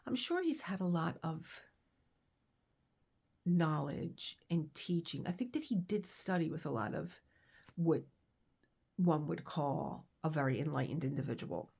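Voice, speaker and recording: A woman's voice: deep voice, expressive, measured pace, creaky, pauses often, darkish tone, breathy edge. A woman vlogger in casual chat, rambling and laughing as she reads aloud and tells stories. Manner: rambling, chatty, laughs often. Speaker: crafting vlogger.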